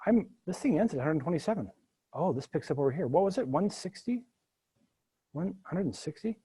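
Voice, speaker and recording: A man teaching a coding class live, thinking aloud as he works through each step. His slightly high voice has a husky edge. His pitch swings widely as he cracks jokes along the way. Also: brisk. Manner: animated, jokey asides while working through code. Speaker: university instructor.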